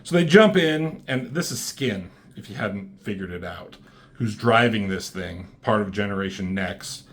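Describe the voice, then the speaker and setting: In a lowish, expressive voice at a measured pace, a man reviews a comic book casually. His commentary rambles, is full of profanity, and leans heavily on fillers like "um" and "like."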